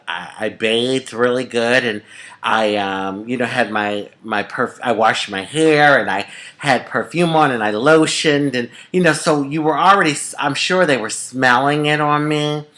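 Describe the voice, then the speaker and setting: A woman's voice: a bass voice, a little slow. Chatty woman telling a story, calling you honey. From United States. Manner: chatty and expressive, calls viewers honey, swoops up for emphasis. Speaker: vlogger. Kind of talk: casual storytelling to camera.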